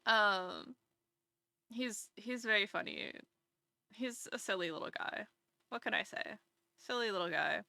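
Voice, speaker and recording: A woman's voice: medium pitch, lively intonation, normal speed, vocal fry, bright, forceful tone, no echo. A woman streamer chatting casually on a live stream at home, rambling and chatty, with many restarts.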